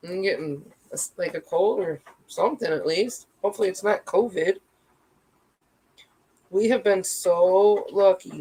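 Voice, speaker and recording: Slow rambling woman streamer, swears freely. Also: on the low side, darkish tone, slight background noise, low-quality recording. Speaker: livestreamer chatting with viewers. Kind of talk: casual livestream chat.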